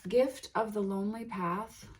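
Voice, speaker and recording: A woman hosting a tarot unboxing, reading card titles aloud in a gentle, admiring way with soft exclamations. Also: mid-range voice, fairly even intonation, unhurried, a little hiss or hum. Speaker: tarot reader and channel host.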